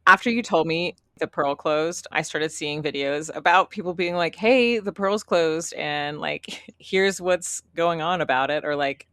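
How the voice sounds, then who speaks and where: A woman's voice: sits low, a little slow, hardly any pauses, a bit bright, no echo, clean studio sound. A young American woman co-hosting a podcast, chatting casually with lots of laughter and rambling stories. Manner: giggly, rambling storyteller. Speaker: podcast co-host. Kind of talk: casual chat.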